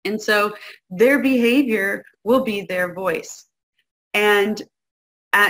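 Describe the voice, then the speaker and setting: A woman guest-hosting a parenting talk, speaking conversationally and often checking in with the listener. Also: fairly high pitch. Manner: conversational, keeps checking in with "right?"; acts out quoted parents and kids in lively voices. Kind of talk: casual teaching talk to an audience.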